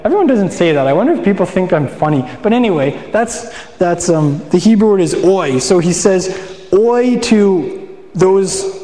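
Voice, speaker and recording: In an echoey hall, a prairie preacher from Saskatchewan delivers his sermon with a dark-toned, high-sitting voice, very animated and a little fast. He talks conversationally, asks and answers his own questions, and frequently starts sentences over.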